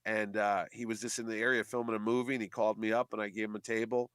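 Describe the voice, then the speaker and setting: A man's voice: fairly low pitch, fast talker, clean tone, no echo. Chatty man telling convention stories. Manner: chatty storyteller, animated quoting of others. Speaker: comic convention organizer, guest. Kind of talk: casual radio interview chat.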